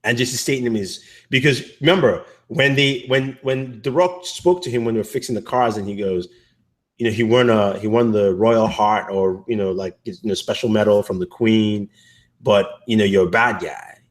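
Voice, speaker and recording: A man's voice: on the low side, moderate pace. A man co-hosting a casual movie review chat, rambling with many fillers and restarts. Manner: acts out characters' lines in quotes.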